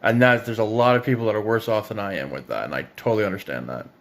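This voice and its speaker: A man's voice: fairly low pitch, quick pace, fairly bright tone. A young man from Ontario delivering an angry, sarcastic, swear-filled rant as a parent. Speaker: parent ranting on video. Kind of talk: profane political rant.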